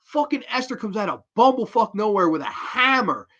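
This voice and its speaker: A man in his twenties reviewing a horror film in a casual, excitable way, swearing freely. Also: high voice, normal speed, muffled recording.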